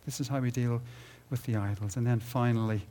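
A man preaching a sermon at a conference, building to loud emphatic peaks and dropping low and quiet at the ends of phrases. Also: steady tone, a little fast, slight background noise. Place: conference hall.

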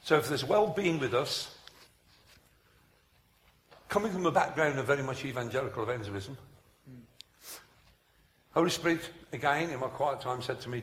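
Animated preacher man, bright voice. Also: mid-range voice, normal speed, long pauses, echoey room, a little hiss or hum. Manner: animated, laughs often, shouts commands. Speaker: senior clergyman preaching. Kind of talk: humorous sermon storytelling.

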